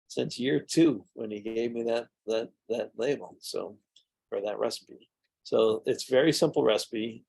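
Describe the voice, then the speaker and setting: Middle-aged guy w a gravelly voice, chatty mead maker telling long stories, lots of ums and restarts. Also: fairly low pitch, darkish tone. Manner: rambling anecdotes with fillers and restarts. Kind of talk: casual storytelling during a tasting.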